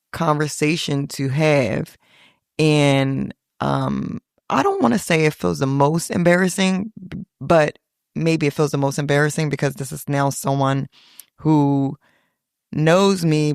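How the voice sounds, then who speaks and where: Creaky-voiced woman telling a personal story. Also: deep voice, no room sound, studio quality. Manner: reflective, quotes family members in little voices. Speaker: podcast host.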